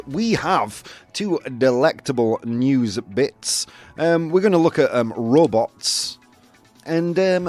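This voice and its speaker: A man's voice: mid-range voice, darkish tone. A man with a Yorkshire accent hosting a casual show, chatting loosely with lots of fillers and laughs. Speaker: host. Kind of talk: casual live show chat.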